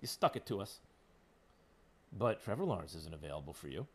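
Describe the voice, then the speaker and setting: A man's voice: low-pitched, sing-song, brisk, husky. A man hosting sports talk radio, ranting with sarcasm and heat. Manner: emphatic, sarcastic, heated.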